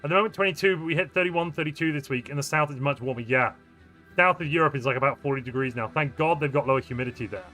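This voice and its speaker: A chatty male streamer with a bright, somewhat high voice talks loosely to his live audience. He answers viewers' messages in a playful, joking way. Faint music plays underneath. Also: fast talker. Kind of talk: live-stream chat while gaming.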